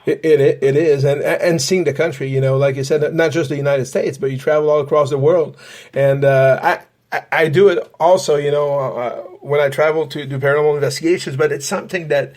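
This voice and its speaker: Man, somewhat high voice, podcast host, rambling questions, halting. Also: steady tone, darkish tone. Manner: rambling, halting, many fillers and restarts. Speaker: podcast host, paranormal investigator. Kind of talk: casual podcast interview.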